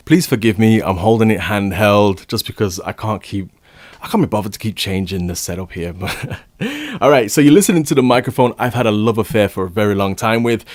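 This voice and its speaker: A young man talks through microphone gear in an eager, rambling way, often restarting his sentences. His voice sits fairly low, and he speaks close to a studio condenser mic. The sound is dry, with no room echo. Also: a little mellow. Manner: enthusiastic, chatty, rambling with restarts. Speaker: microphone reviewer. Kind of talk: casual gear review talk. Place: home recording setup. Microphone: large condenser studio mic, close.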